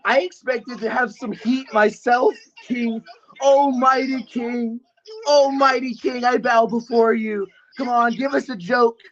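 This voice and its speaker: A man's voice: very high voice, steady tone, unhurried, hardly any pauses, fairly bright tone. A man in his twenties taunting and mocking others in a heated online voice chat, grandiose and insulting. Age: 20s. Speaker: voice chat participant. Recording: muffled lo-fi voice chat audio.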